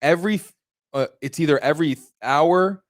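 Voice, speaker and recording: A man co-hosting a casual sports podcast, talking in animated run-on stories full of slang and swearing. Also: a little high, brisk, no echo, studio quality. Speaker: co-host.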